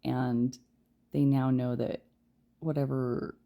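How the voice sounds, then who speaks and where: A woman giving a casual pick-a-card tarot reading, chatty and rambling, trailing off with fillers and soft laughs, sometimes talking quietly. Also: extremely low pitch, level tone, takes it slowly, creaky, dull audio. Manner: speaks softly and quietly at times. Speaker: tarot reader.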